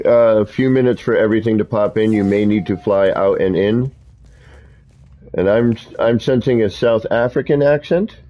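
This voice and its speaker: A man's voice: sits low, dull audio. A man streaming a video game, chatting in a rambling way with players who join him in voice chat. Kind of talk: casual live-stream chat while gaming.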